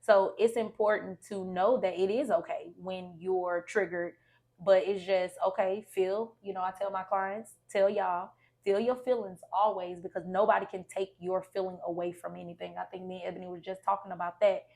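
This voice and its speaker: A woman's voice: mid-range voice, flat delivery, normal speed, creaky, darkish tone. A woman counselor giving casual, encouraging advice on a podcast. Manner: encouraging, conversational. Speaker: licensed counselor guest.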